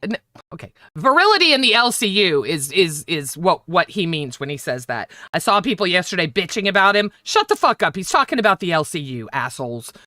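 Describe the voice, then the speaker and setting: A woman's voice: on the low side, sing-song, a little fast, sharp tone, no room sound, clean studio sound. A woman co-hosting a casual livestream chat, blunt and profane. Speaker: co-host.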